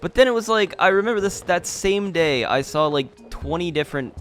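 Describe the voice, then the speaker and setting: A man's voice: high-pitched, animated, brisk, a bit bright, faint music behind. A young man casually commentating over gameplay, rambling, restarting his sentences and laughing often. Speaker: gaming channel host.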